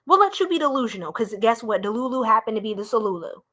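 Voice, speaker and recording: A woman's voice: fairly high pitch, sing-song, quick pace, a bit bright. A young woman, doing a live tarot reading in a playful, goofy, slangy way and laughing often. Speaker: tarot reader.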